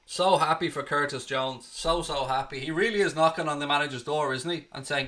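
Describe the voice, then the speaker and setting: An Irish-born man hosts a live match watchalong for a fan channel. He commentates play by play, excitable and blunt, and swears freely. His voice sits a bit high with a sharp, bright edge. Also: fairly quick, few pauses. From Ireland.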